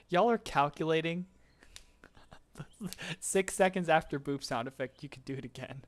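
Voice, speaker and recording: A man explaining vocal tuning in a relaxed live-stream tutorial, chatting and laughing with his chat between explanations. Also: on the high side, measured pace. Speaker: streamer teaching voicebank tuning.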